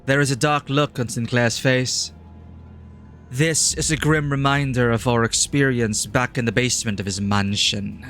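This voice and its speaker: A man's voice: medium pitch, steady tone, normal speed, a bit bright, faint music behind. A man commentating a live game playthrough in a playful, goofy way, reading game text aloud. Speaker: streamer.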